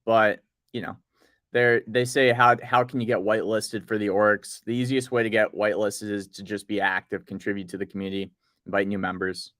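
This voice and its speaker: A man's voice: fairly low pitch, fairly quick, no room sound, clean studio sound. A man co-hosting a casual podcast, rambling through notes and reading bits aloud. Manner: relaxed, rambling, reads project notes aloud. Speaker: podcast co-host. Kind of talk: casual crypto news chat.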